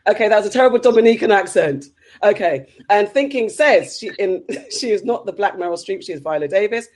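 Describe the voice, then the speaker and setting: An upbeat woman co-hosting a relaxed talk show, reading comments aloud. She moves briskly from one comment to the next in a medium-pitched, everyday voice. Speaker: podcast co-host. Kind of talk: casual chat, reading out comments.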